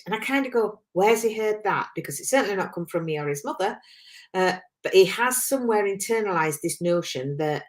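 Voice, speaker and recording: Older lady podcast host, lowish voice, meanders and restarts a lot. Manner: rambling, hesitant, full of restarts. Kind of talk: reflective podcast talk on self-talk.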